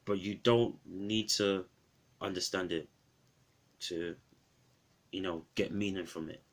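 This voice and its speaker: A man's voice: low voice, steady tone, slow pace. A man reviewing an old film in a casual, rambling vlog, often restarting his phrases.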